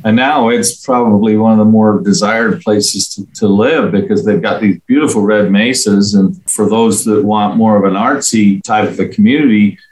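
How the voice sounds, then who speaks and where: A man's voice: lowish voice, steady tone, moderate pace, hardly any pauses, darkish tone, low-quality recording. A middle-aged man from England, chatting casually and telling rambling, friendly stories in an interview. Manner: rambling, friendly storytelling with fillers. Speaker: interview guest, local resident. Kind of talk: casual conversational chat.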